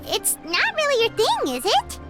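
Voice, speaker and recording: A tiny, bubbly fairy sidekick in a game, her voice sky-high and bouncing all over the place. She chatters eagerly, calling herself by name, over a loud musical score. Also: normal speed, loud music behind the voice, full character voice. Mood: curious. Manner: talks of herself in the third person, excitable. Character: tiny chirpy female fairy-like companion, eager and greedy. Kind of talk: game voice acting.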